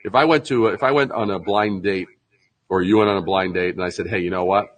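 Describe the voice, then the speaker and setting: A man being interviewed as a branding expert, explaining in an animated conversational way, acting out mock sales pitches and laughing often. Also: fairly quick, rough recording.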